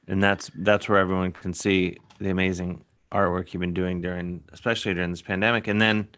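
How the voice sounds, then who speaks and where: Male host, fairly low voice, stop-start delivery, laid-back interviewer. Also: flat delivery, fairly quick, fairly bright tone. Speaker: show host. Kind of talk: casual chat.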